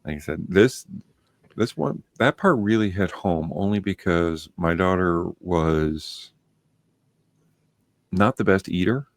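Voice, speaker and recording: A man with a very low voice tells a personal story on a podcast, blunt and freely profane. The sound is close and dry, with no room around it. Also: slow pace, creaky, long pauses, no echo. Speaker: podcast host. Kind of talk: casual chat, storytelling.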